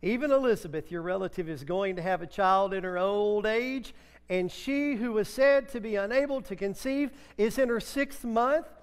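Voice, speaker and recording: A middle-aged male preacher with a high voice delivers a homey, story-filled sermon. His words carry a long reverb tail from the church sanctuary. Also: moderate pace, clear, resonant tone. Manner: chatty storytelling, breaks into song.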